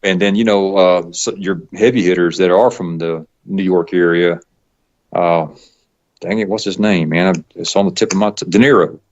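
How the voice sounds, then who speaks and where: Southern-accented man, low and rambling. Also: steady tone. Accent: Southern US, Georgia. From Georgia, US South. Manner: rambling, halting, laughs often. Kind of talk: casual chat. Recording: dull lo-fi podcast audio.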